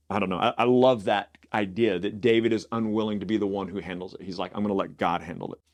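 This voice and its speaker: A man of medium pitch hosts a Bible study show. He reads passages aloud, then talks them through in a loose, conversational way. He stumbles and repeats words as he goes. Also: a little mellow. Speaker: Bible study podcast host. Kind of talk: reading scripture aloud and explaining it casually.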